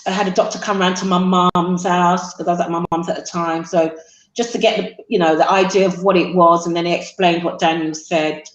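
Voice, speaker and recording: A middle-aged woman, a guest on a talk show, tells her son's story haltingly with many fillers. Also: on the low side, steady tone. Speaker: guest, mother of a man with sickle cell. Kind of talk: emotional interview storytelling. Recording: roomy echo.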